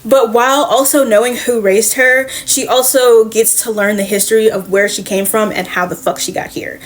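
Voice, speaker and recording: A woman casually retelling a comic book's story as a reviewer, chatty and profane, slipping into the characters' lines. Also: fairly high pitch.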